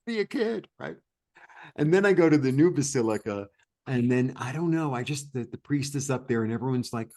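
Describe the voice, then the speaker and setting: A man from New York, a guest in an interview, telling a story in a rambling, animated way with many restarts and fillers. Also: medium pitch, moderate pace. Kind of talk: casual storytelling chat.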